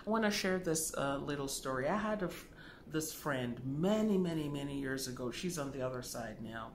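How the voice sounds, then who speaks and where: A man's voice: on the high side, echoey room, slight background noise. A man teaching about dreams, telling a personal story in a chatty way with many fillers and asides, and acting out the voices of the people he quotes. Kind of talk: storytelling lesson to camera.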